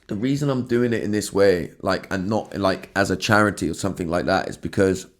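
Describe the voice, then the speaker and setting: This podcast host has been crying, and his solo monologue is earnest and emotional, full of stumbles, restarts, and casual swearing. He has a deep voice and talks a little fast.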